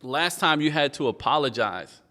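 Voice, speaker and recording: A man hosting a podcast, asking short game questions and backing his guest with quick affirmations. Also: on the high side, expressive, sharp tone. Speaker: podcast host. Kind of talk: interview questions, game segment.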